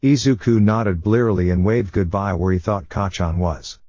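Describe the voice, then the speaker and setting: A low-voiced man narrating a fiction story at a steady pace. The recording is dull and lo-fi, with a dry, close sound. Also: normal speed, dry recording.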